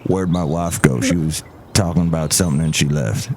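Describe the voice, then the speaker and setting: A man's voice: brisk, darkish tone, slight background noise. Man doing a grumbling disgruntled fiddle player. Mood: grumpy. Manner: low, grumbling.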